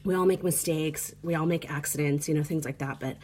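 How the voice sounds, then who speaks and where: American woman vlogger, low voice, tired, rambling casual chat, faint room noise. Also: fairly even intonation, a little fast, a little mellow. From United States. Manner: rambling, filler-heavy storytelling with frequent "like" and "you know". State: tired, sleep deprived. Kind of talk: casual travel vlog chat. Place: small apartment indoors. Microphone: phone.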